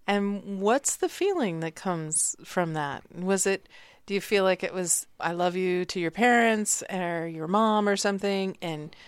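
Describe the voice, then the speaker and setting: A woman co-hosting a podcast who muses tentatively as she talks. Her voice is mid-pitched, and the sound is dry and close to the mic. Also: unhurried, clear, resonant tone, no echo. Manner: tentative, musing, with soft exclamations. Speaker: podcast co-host. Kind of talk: conversational podcast talk.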